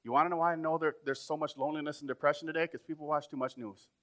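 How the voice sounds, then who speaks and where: A pastor preaching a sermon in a conversational way, building up to emphatic points. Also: male voice, a little high, fairly even intonation, very fast, fairly bright tone.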